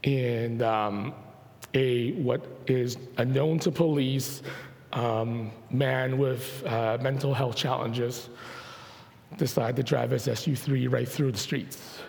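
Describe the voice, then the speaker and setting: A male pastor preaches and prays in a church sanctuary. His voice is gravelly and partly lost to allergies, sitting at a middle pitch. He talks haltingly with frequent fillers, and the room adds a long, lingering reverb. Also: fairly even intonation, a little mellow. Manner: halting, many fillers and restarts. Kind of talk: sermon and spoken prayer.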